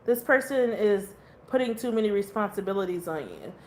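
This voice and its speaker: A woman's voice: mid-range voice, lively intonation, a little fast, darkish tone, a little hiss or hum. A woman giving a casual tarot reading who rambles, swears casually and laughs often. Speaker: tarot reader.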